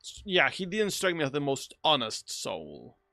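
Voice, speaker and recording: A man streaming a video game, rambling and joking as he reacts out loud. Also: a little high, wildly swooping pitch, moderate pace, gravelly, dry recording, studio quality. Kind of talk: casual gameplay commentary.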